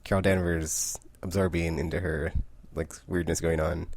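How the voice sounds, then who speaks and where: A man's voice: low voice, little pitch movement, moderate pace, darkish tone, no room sound. A man casually recapping a comic book, rambling with lots of "like" and frequent self-corrections.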